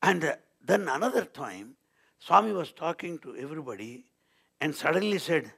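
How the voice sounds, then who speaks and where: A man telling devotional stories as a spiritual speaker, swinging between loud declarations and quiet asides. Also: a little high, very animated, normal speed, vocal fry, slightly rough. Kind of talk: devotional storytelling talk.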